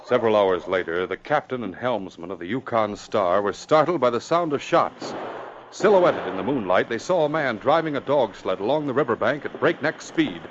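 Male narrator for a vintage radio adventure serial, crisp storytelling, muffled hissy audio. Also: mid-range voice, expressive. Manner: brisk and dramatic, rising with the action. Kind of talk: 1950s radio drama narration. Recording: dull old radio recording with hiss.

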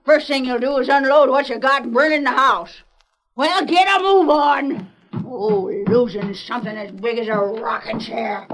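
A woman's voice: high voice, a bit bright, low-quality recording. A bossy, scolding frontier woman. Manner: scolding, quick with folksy insults. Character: bossy, sharp-tongued older frontier woman. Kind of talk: 1940s radio drama acting.

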